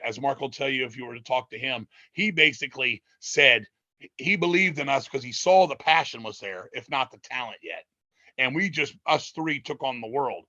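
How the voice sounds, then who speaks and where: Profane, rambling man with a bright voice. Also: medium pitch, no echo, highs cut off. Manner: profane, rambling, animated storytelling. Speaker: interviewee, metal musician. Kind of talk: casual storytelling interview.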